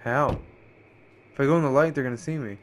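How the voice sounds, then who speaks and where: A man giving profane, excitable running commentary while playing a game, often yelping and exclaiming. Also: mid-range voice, fairly quick. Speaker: gameplay streamer. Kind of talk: let's play commentary.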